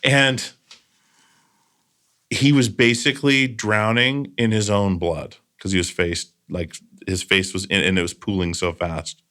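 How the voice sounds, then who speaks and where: Man, podcast host, low voice, earnest storytelling, casual chat, loose asides. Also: steady tone, measured pace, pushed and bright.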